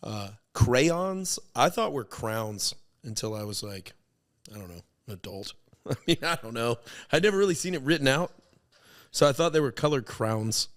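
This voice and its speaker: Young male podcast co-host, casual and animated, acts out the people in his stories. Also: medium pitch, moderate pace. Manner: animated storytelling, acts out voices. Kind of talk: casual chat.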